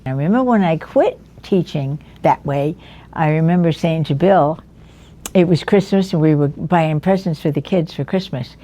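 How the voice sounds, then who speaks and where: A woman in her nineties telling the story of her life in an interview, lively and anecdotal, often chuckling as she recalls people. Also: sits low. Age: 90s. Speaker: interviewee, veteran educator.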